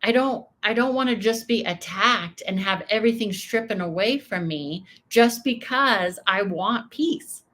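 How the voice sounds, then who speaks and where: A woman in her thirties hosting a reaction video, talking in an emphatic, animated way. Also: mid-range voice, unhurried, hardly any pauses. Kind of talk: casual commentary.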